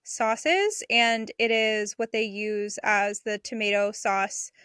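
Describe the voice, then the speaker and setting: A woman's voice: medium pitch, slow, fairly bright tone, smooth, no room sound, studio quality. A young adult woman co-hosting a homesteading podcast, chatting enthusiastically and laughing between thoughts. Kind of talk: casual chat.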